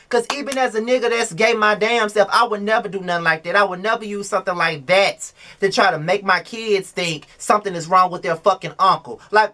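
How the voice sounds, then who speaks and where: A man's voice: high-pitched, a little fast, hardly any pauses. Heated profane man ranting to camera. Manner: profane, heated, yelling at times. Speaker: reality TV reviewer.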